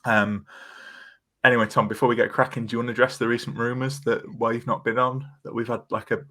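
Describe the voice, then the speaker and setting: A man's voice: mid-range voice, little pitch movement, quick pace, pushed and bright. Chatty male podcast host. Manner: chatty, self-deprecating, lots of fillers. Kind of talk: casual podcast chat.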